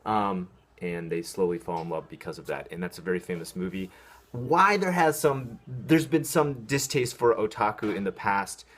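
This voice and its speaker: A man's voice: low voice, normal speed, few pauses. An American man ranting sarcastically about an article in a casual vlog, with a lot of ums and restarts. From United States. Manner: sarcastic, mocking, talks in spurts with fillers. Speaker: video host reacting to an article.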